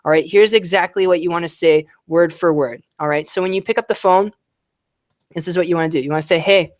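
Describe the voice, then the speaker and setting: A man giving online business tips on a live stream, energetic and often checking in with "right?". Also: a little high, fast, no room sound, studio quality. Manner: energetic, repeats "right?" and "all right".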